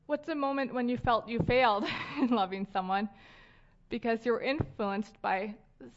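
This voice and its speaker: A woman's voice: on the high side, normal speed. A woman in her thirties giving a casual sermon at a church gathering, talking conversationally with fillers and light laughs. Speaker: speaker leading a church gathering. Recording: dull lo-fi sound.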